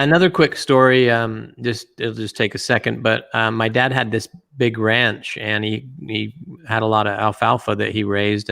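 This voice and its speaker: A middle-aged man with a gravelly, creaky voice tells family stories as an interview guest. He rambles in a relaxed way, full of fillers and restarts. The sound is dry and close, with little room behind it. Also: fairly low pitch, no room sound. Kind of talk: anecdotal storytelling.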